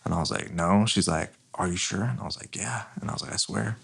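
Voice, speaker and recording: A man's voice: low voice, quick pace, vocal fry, a bit bright, slightly rough. A young man hosting a podcast, casually telling stories full of profanity and filler words. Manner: rambling profane storytelling, heavy use of filler "like". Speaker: podcast host. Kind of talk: casual chat.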